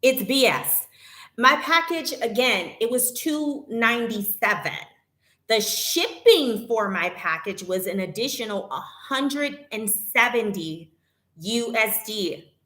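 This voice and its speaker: A woman in a casual vlog talks straight to her viewers at an unhurried pace. Her voice is bright and clear, and she retells a complaint with indignant energy. The sound rings a little in an echoey room. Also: a little high. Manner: animated, indignant retelling, reads chat aloud. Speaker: vlogger.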